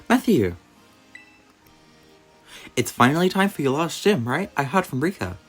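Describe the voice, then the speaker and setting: A man voicing a peppy, upbeat young girl rival, bright and bubbly. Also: fairly high pitch, big pitch swings, a little slow, husky, soft background music, pitched above the performer's own voice, heavily acted. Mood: cheerful.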